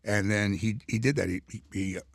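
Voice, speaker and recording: A comedian being interviewed, telling rambling stories full of restarts and fillers. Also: male voice, lowish voice, steady tone, a little fast, gravelly, husky, dry recording, clean studio sound. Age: older. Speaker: comedian guest. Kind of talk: casual interview storytelling.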